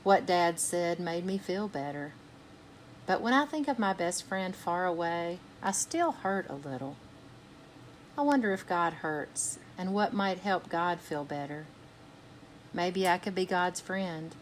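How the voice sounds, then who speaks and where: A woman reads a children's picture book aloud in a slow, unhurried way, with a fairly low voice. She is gentle and stops to put soft questions to young listeners. A faint hiss of noise sits under the recording. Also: expressive. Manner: gentle, asks listeners questions between passages. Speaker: children's storytime reader.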